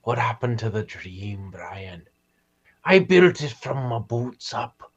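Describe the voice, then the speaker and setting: A man's voice: medium pitch, sing-song, slow. An improv performer playing a folksy older father who lectures his son about the family business. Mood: lecturing. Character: gruff old father who built the business, preachy. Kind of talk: live improv comedy. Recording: dull lo-fi sound.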